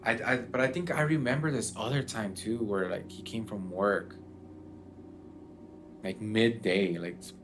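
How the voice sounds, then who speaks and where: Low-voiced man rambling through a story. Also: measured pace, over music. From Mexican family background. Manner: rambling, many fillers. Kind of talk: casual chat.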